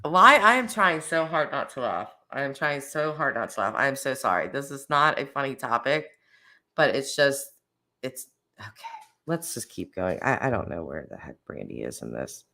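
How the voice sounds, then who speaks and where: Woman, low voice, livestream host, chatty, animated, laughs a lot. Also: moderate pace. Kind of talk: casual livestream chat.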